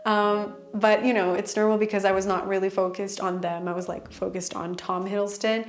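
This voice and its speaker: A young woman chatting excitedly in a casual storytime vlog, full of "like" fillers. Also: mid-range voice, a little fast. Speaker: vlogger.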